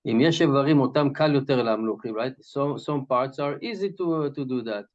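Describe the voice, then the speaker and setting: A man's voice: mid-range voice, rapid-fire. Man explaining a Hasidic text, dull sound. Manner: checks in with "right?", explains Hebrew terms in English. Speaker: Torah teacher. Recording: dull lo-fi recording.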